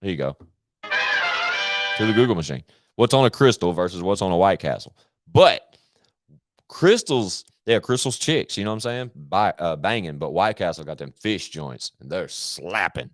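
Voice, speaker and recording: Man, live streamer, low-pitched, slangy, heavy swearing, dry close sound. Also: expressive, moderate pace, dry recording, soft background music. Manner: profane, slangy, rambling. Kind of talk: casual rambling stream chat.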